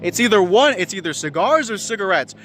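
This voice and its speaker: A young man with a slightly high voice vlogs in a casual comedic rant. He swears often and sounds incredulous and animated. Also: a little fast, slight background noise. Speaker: vlogger.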